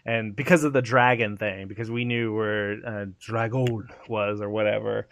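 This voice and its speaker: A man co-hosting a casual gaming podcast, animated and profane, acting out game scenes in quick put-on voices. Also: lowish voice. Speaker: podcast co-host.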